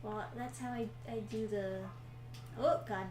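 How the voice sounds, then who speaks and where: A woman's voice: on the high side, steady tone, a little slow, darkish tone. A woman playing a video game and chatting casually, blunt and swearing when the game frustrates her. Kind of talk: casual gameplay chat. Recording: roomy sound with faint hum.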